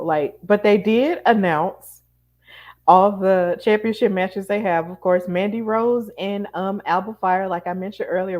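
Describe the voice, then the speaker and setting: Relaxed woman host wrapping up. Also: medium pitch. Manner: relaxed, uses many fillers. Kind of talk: casual show wrap-up.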